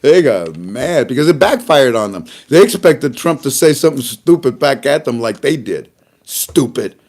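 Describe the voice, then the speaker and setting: A man giving casual spoken commentary in a mocking, animated way, laughing between remarks and acting out little back-and-forth exchanges. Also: mid-range voice, measured pace. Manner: animated, mocking, acts out dialogues. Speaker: online commentator.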